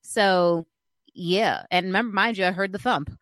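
A woman telling an animated, chatty story in casual talk, full of fillers and acted-out quotes. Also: medium pitch, normal speed, dry recording.

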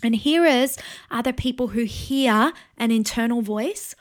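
Woman pastor, forties, earnest encouraging sermon, slightly high voice. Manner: earnest, encouraging, pauses to invite prayer. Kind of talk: teaching sermon.

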